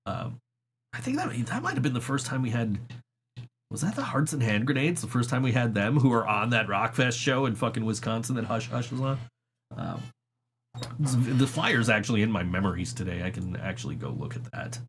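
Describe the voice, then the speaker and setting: A man hosting a casual podcast, telling one story after another in a loose, rambling way. His pitch sits in the ordinary middle range for a man, and he swears freely and breaks into laughter between anecdotes. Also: lively intonation, moderate pace, slight background noise. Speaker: podcast host. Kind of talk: casual chat.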